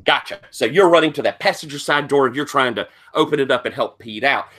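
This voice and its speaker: A man's voice: mid-range voice, fast talker, a bit bright. A man narrating a tabletop horror game as game master, describing the scene and improvising as he goes, with plenty of fillers.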